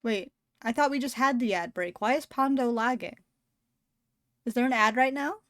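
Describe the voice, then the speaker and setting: A woman live-streaming a story game, reading along and chatting, animated, laughing often and swearing casually. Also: on the high side, normal speed, no echo, studio quality.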